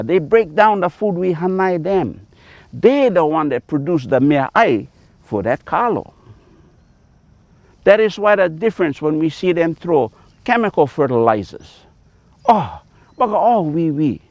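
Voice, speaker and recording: A man's voice: a little high, no room sound. A man with a Hawaiian Pidgin accent, a farmer teaching outdoors on a taro farm in a folksy, emphatic way, mixing in Hawaiian words.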